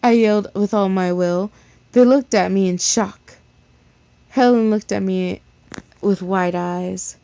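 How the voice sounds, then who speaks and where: A woman's voice: medium pitch, fairly even intonation, takes it slowly, creaky, warm tone. A woman reading a fan fiction story aloud in a casual way, stumbling over words and correcting herself. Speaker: story reader. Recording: slightly dull lo-fi recording.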